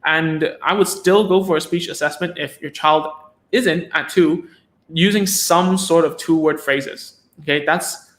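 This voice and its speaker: A man's voice: a little high, steady tone, measured pace, a bit bright. A man hosting a live stream as a speech therapist, talking casually with lots of restarts and tag questions like "right?" and "okay?".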